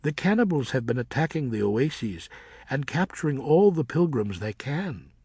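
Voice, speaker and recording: A man voicing an old, kindly female fruit bat who speaks in a gentle, soothing way. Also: mid-range voice, big pitch swings, moderate pace, slightly rough, dry recording, clean studio sound.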